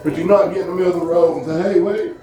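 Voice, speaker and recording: A man's voice: fairly high pitch, flat delivery, dull audio, crowd noise. Man preaching in an echoey church. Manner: earnest storytelling preaching, slows for scripture. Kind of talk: sermon. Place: church service. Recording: echoey church room with music behind.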